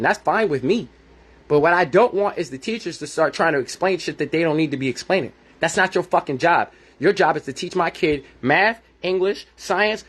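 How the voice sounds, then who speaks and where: A man's voice: a little high, a bit bright, breathy edge. A man in his thirties hosting a podcast, giving a blunt, profane, heated monologue and acting out conversations he has had. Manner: reenacts his own conversations. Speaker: podcast host. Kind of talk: ranting monologue.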